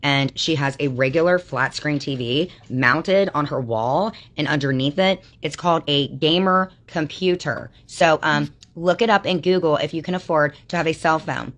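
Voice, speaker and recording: A woman with a notably low voice rants to her livestream chat. She is combative and mocking and swears constantly, firing insults at her critics. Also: moderate pace, hardly any pauses, fairly bright tone.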